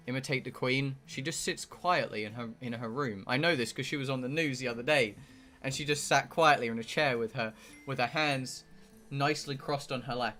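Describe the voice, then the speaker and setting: British guy reading a game out loud on stream, bright voice, jokey and rambly, trips over words, faint music behind. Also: mid-range voice. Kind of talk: live-streamed game playthrough, reading aloud and chatting.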